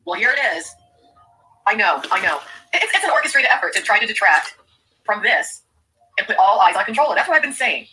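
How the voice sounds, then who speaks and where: A woman's voice: mid-range voice, big pitch swings, a little fast, pushed and bright, a little hiss or hum, poor audio. A woman giving indignant reaction commentary on a stream clip, lecturing the viewers.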